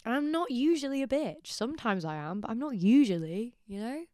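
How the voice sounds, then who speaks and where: A woman's voice: a little high, expressive, fairly quick, mellow, no echo, clean studio sound. Tipsy young woman, rambling and sardonic. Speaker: podcast host. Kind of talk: casual solo podcast monologue.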